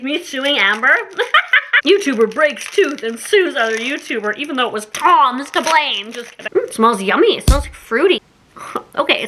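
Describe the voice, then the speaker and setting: A woman's voice: sits high, pushed and bright, a little hiss or hum. A young woman from Canada chatting casually through a snack taste test, giggly and self-mocking. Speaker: YouTuber doing a taste test.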